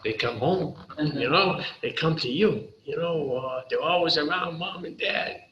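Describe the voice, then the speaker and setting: Older man, high and bright, animated storytelling testimony, roomy slightly dull hall sound. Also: unhurried, background noise. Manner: animated storytelling, constant "you know" and "right". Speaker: recovery meeting speaker. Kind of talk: personal testimony talk.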